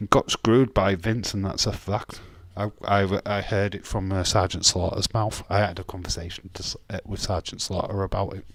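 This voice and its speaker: A man's voice: low voice, flat delivery, normal speed, hardly any pauses, dry recording. A man, casually chatting on a live stream and bantering with chat comments, swearing now and then.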